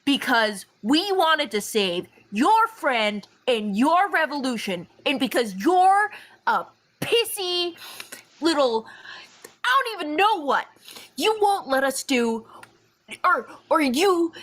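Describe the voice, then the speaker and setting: A woman's voice: high voice, very animated, slow, a bit bright, full character voice. A woman voicing a desperate female adventurer who insists and pleads. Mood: pleading.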